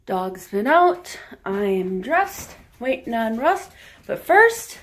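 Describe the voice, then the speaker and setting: Relaxed woman vlogger, unhurried and chatty, coos at her pets, slightly high voice. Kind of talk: casual home vlog. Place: house, indoors.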